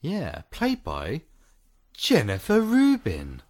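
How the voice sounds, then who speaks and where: A man co-hosting a podcast in casual chat, animated and joking, laughing often. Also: on the high side, slow pace. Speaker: podcast co-host.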